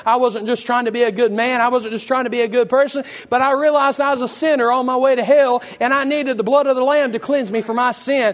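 A man preaching a fervent sermon with a hoarse, worn voice, praying with a repeated "Lord" and building to shouts. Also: extremely high pitch, steady tone, fast talker, few pauses. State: hoarse, losing his voice.

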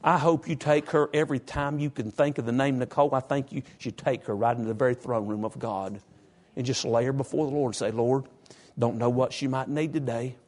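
A man's voice: steady tone, fast talker, a little mellow. Folksy preacher man. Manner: folksy, emphatic, jumps into high pitch for emphasis. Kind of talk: sermon.

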